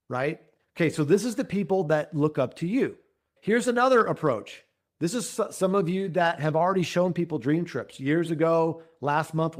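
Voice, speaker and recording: A man with a slightly high voice gives an energetic business training talk. He acts out sample scripts and keeps tagging his points with "right?". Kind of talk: coaching talk with role-played scripts.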